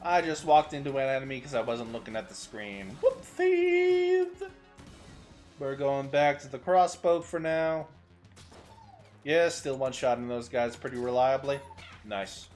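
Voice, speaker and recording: A young man streaming a game, chatting with his viewers as he plays and breaking into sudden excited outbursts. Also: medium pitch, normal speed, soft background music. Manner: chatty, answers chat while playing, sudden excited outbursts. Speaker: VTuber streamer. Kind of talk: gaming livestream commentary.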